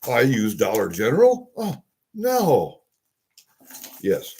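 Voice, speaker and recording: A man's voice: mid-range voice, huge pitch swings, slow, a little mellow, slight background noise. An older man casually chatting on a live stream while opening packages at his desk, rambling and greeting viewers as he goes. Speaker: livestream host opening packages. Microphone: webcam on desk.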